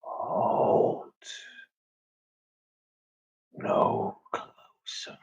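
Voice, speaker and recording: A man voicing a menacing mist creature with blue eyes in a slow, hushed, ominous whisper, as whispered role-play. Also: muffled recording.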